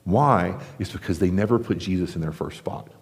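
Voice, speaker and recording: A pastor delivering a sermon in a conversational way, acting out the crowd's reactions, from the United States. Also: male voice, sits low, normal speed, gravelly. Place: large theater-style church auditorium. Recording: long hall reverb.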